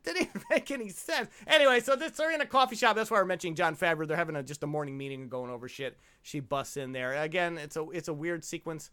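A man's voice: fairly high pitch, fast, hardly any pauses, sharp tone, clean tone. A man co-hosting a comedy movie podcast, riffing sarcastically and cursing freely. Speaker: podcast co-host. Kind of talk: casual comedic movie commentary.

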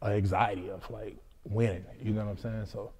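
A man's voice: fairly low pitch, little pitch movement, brisk, darkish tone, husky. A young man who fights in MMA, answering interview questions in a loose, rambling way, often adding "you know what I'm saying.". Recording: hall reverb.

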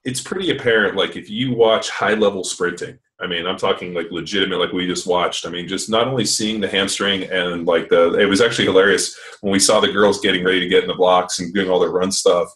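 Man, very low voice, podcast host, casual rambling, swears a lot, slightly distant from mic. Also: steady tone, brisk, few pauses, fairly bright tone, echoey room. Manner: rambling and profane, lots of fillers.

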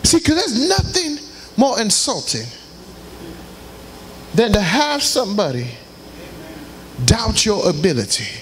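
A man preaching a passionate sermon in a church, tossing out call-and-response asides to the congregation. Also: high-pitched. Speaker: pastor. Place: church sanctuary.

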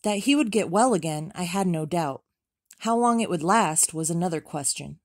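A woman reading a memoir aloud as an audiobook, in a measured, steady way with even pauses. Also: on the low side, no room sound, studio quality. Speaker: audiobook reader.

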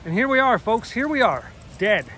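Earnest high-voiced man vlogging outdoors. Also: sing-song, normal speed, bright, forceful tone, rough recording. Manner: earnest and dramatic, addressing viewers as folks. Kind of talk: casual outdoor vlog walk-and-talk. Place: outdoors by a pond. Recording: outdoor ambient noise.

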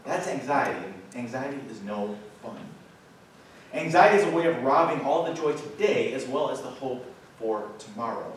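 A man's voice: medium pitch, lively intonation. Man preaching in an echoey church. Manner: emphatic, varied delivery with dramatic slow pauses. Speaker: pastor. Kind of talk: sermon. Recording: echoey distant church sound with faint room noise.

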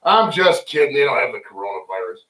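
Very animated and quick, this medium-pitched male host rambles on a casual home livestream with friends, joking and swearing loosely. The recording is very noisy, roomy, with the mic at a distance.

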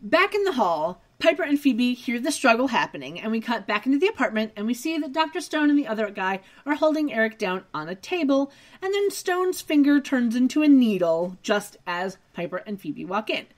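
A woman's voice: on the high side, sing-song, brisk. A woman co-hosting a podcast, recapping a TV episode in casual chat with wry asides. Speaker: podcast co-host.

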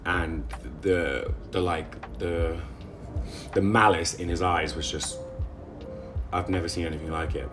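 A young man recounting a painful relationship, halting and repeating words with many fillers. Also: deep voice, steady tone, music in the background. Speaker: interviewee recounting abuse. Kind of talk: emotional personal testimony.

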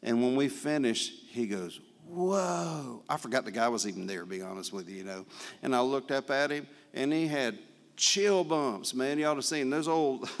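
An older man telling a folksy, animated testimony as a guest speaker at a church service. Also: mid-range voice, big-room sound. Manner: folksy, animated storyteller with frequent praise interjections. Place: church sanctuary.

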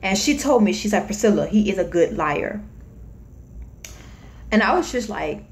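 A woman's voice: mid-range voice, moderate pace. Young woman telling a chatty storytime. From Florida. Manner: chatty, animated retelling with acted-out quotes. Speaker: vlogger. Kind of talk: casual storytime.

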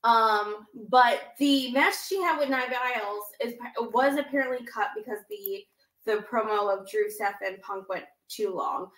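A woman's voice: a little high, a bit bright, recorded from a distance. A woman co-hosting a casual wrestling podcast, rambling and restarting her thoughts as she talks. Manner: rambling, self-interrupting, quick to laugh. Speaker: podcast co-host. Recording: echoey room.

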